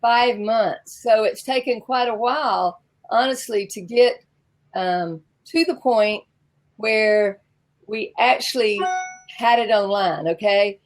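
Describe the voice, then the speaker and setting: A woman with a Southern US accent, guest in an interview, talking in a chatty, animated way and often laughing. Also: medium pitch, takes it slowly, low-quality recording. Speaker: interview guest, founder of a personality tool. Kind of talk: casual interview talk.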